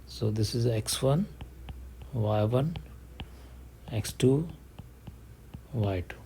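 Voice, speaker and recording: Male math teacher, mellow voice. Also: medium pitch, extremely slow, slight background noise. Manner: steady step-by-step explaining, working problems aloud. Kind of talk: online math lesson, mixing English and Hindi.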